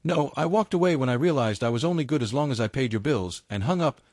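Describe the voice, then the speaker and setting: A man narrating a first-person family drama story in an even, steady storytelling read. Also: mid-range voice, quick pace, no room sound, studio quality.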